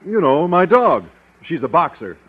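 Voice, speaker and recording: An actor playing a shy, earnest biology teacher in a 1950s radio sitcom. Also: male voice, fairly high pitch, very animated, moderate pace, breathy edge. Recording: tinny old radio broadcast.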